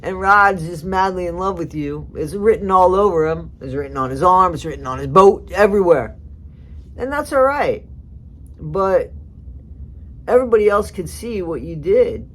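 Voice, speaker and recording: A woman's voice: lowish voice, lively intonation, moderate pace, a bit bright. Woman rambling through casual commentary. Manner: chatty, rambling, sarcastic asides. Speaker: commentary vlogger.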